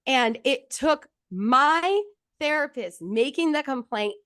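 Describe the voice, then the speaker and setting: A woman in her thirties telling her own story in candid conversation, blunt and profane, getting animated when she quotes others. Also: high voice, slow, no echo.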